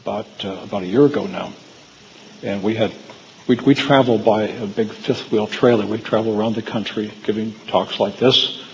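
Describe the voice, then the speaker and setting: A man's voice: lowish voice, steady tone, normal speed, vocal fry, big-room sound, muffled recording, a little hiss or hum. A man giving a talk to a live audience, telling personal stories in a rambling way with frequent fillers and restarts. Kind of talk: storytelling lecture to a live audience. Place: hall with audience.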